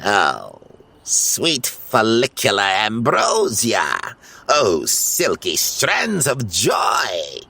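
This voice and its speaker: Brief: man voicing a scheming older wizard villain, husky, slow, drawn-out and whiny, lifted higher than a plain voice, storybook audio. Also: wildly swooping pitch, bright, forceful tone, heavily acted. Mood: gloating. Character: scheming male evil wizard, older, theatrical. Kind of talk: storybook voice acting.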